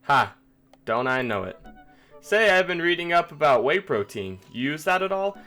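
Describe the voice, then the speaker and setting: A man's voice: fairly high pitch, very animated, moderate pace, sharp tone, faint music behind, voice pushed up. A man doing a stiff, awkward dad. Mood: stilted.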